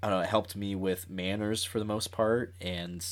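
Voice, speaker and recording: A man's voice: low voice, fairly even intonation, moderate pace. A young man chatting as a podcast guest, rambling and self-mocking with lots of fillers. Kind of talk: casual chat.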